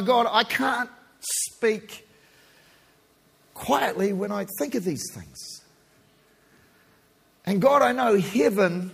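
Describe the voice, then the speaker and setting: A man preaching as a pastor, rising to shouts and slowing into hushed prayer. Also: high voice, breathy edge. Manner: impassioned, shouting at peaks then slow and hushed in prayer. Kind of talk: sermon and prayer.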